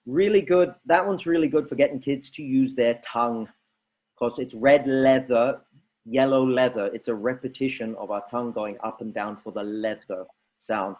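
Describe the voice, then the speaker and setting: A man leading a drama workshop for teachers, coaching lively and demonstrating vocal warm-up drills. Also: medium pitch, moderate pace, muffled recording.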